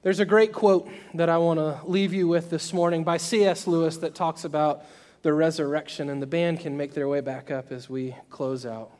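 A man preaching a sermon, telling a story and acting out its voices, swinging between loud and soft. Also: a little high, fairly even intonation, normal speed. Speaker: pastor.

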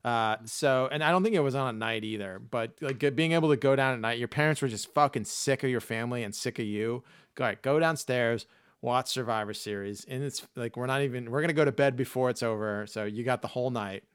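A man's voice: mid-range voice, brisk, smooth, no echo, clean studio sound. A man co-hosting a podcast, chatting casually in a rambling, profane way. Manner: profane, rambling, slips into loud mock Boston voices. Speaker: podcast co-host. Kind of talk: casual chat.

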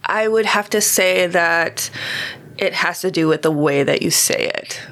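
A woman chatting casually as a co-host, her voice sitting a little low. She talks in a relaxed, slangy way and laughs easily between her stories. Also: unhurried. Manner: laid-back, slangy, laughs often. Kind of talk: casual chat.

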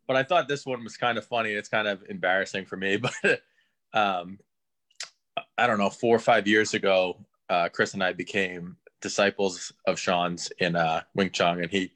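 Low-voiced man telling a story. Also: fairly bright tone. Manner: laughs through his story. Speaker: guest. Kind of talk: casual storytelling.

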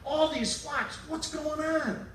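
A man voicing an indignant older man who chases his son-in-law and fires off demanding questions in a shrill voice. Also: takes it slowly, fairly bright tone, roomy sound, recorded from a distance, a little hiss or hum, exaggerated voice, low-quality recording.

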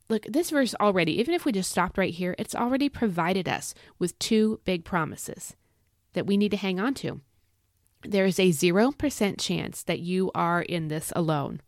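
A woman with a fairly low voice hosts a devotional podcast and talks earnestly to her listeners. She leans on repetition to drive her points home. The sound is close and dry, with no room around it. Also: no echo. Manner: earnest, encouraging, repeats key phrases. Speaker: podcast host.

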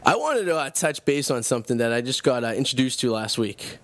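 A man's voice: mid-range voice, big pitch swings, brisk, a bit bright. A man with a Boston accent hosting a radio show, laughing, rambling and crude. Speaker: radio host. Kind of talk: casual radio banter.

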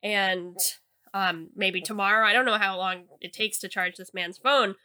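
A woman in her thirties co-hosting a podcast, telling stories in casual chat with giggly, animated delivery. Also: mid-range voice, normal speed, smooth. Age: 30s. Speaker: podcast co-host.

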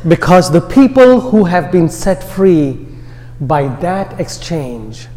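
A man with an Indian American accent delivers an Easter sermon at a very unhurried pace, dropping softly at the end of each phrase. His voice sits a little high for a man, and it rings with the long reverb of a large church hall. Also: very animated. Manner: slow, deliberate delivery with phrases trailing off softly. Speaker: preacher.

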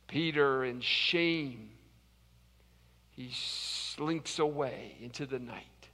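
Bright-voiced pastor preaching dramatically. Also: male voice, medium pitch, drawn-out words, in a large hall. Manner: dramatic storytelling with big swings between loud and hushed. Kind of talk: sermon. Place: church service, live streamed.

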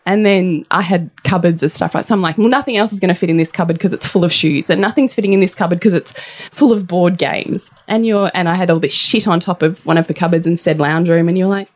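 A woman's voice: on the low side, quick pace, hardly any pauses. An Australian woman in her forties, a podcast host, telling candid stories in casual chat and swearing freely.

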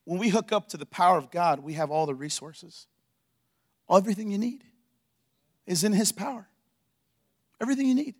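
A man's voice: sits high, moderate pace, pauses often. A man preaching a sermon in a church as pastor, telling stories with energy and acting out the dialogue.

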